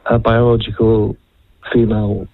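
A man from Wales calling in to a radio show, joking in a relaxed way. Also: lowish voice, a little slow, no echo, narrow, tinny audio. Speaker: caller, host's husband. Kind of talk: casual radio chat.

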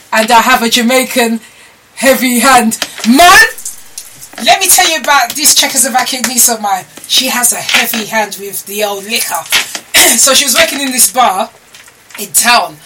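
Middle-aged lady chatting on a live stream, bit high, a bit off mic with clear hiss. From London. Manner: chatty storyteller with exclamations and laughs. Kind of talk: casual live stream chat. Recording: slightly distant mic with noise.

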